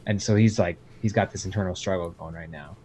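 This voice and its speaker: A man playing a tabletop game, describing his character in a halting, earnest way. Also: low voice, steady tone, mellow, husky. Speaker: player. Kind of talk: casual tabletop play. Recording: dull lo-fi sound with faint noise.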